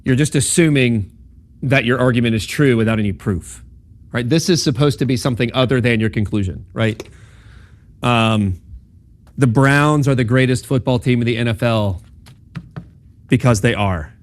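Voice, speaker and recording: At a campus talk, a man with a medium-pitched voice gives an informal lecture at a moderate pace, pausing often. He keeps it conversational, checking in with the room using "right?" and "okay?" and acting out quoted voices in dialogue.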